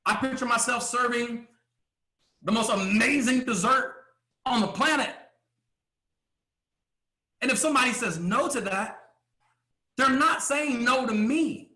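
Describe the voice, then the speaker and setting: A man giving a motivational business coaching talk, emphatic, asking rhetorical questions and often clearing his throat. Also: extremely high pitch, a little slow, pauses often, pushed and bright, echoey room.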